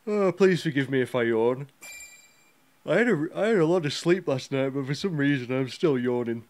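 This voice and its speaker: A man hosting a gaming livestream, chatting casually with viewers, greeting them by name and breaking into excited yelps. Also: mid-range voice, normal speed. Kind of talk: casual livestream chat while playing.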